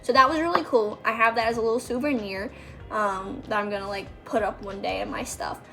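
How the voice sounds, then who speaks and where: A woman's voice: medium pitch, fairly even intonation, a little fast, vocal fry, a bit bright, faint music behind. A young woman telling stories about working as a background extra, casual and chatty, full of fillers and quoted voices. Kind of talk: casual storytelling.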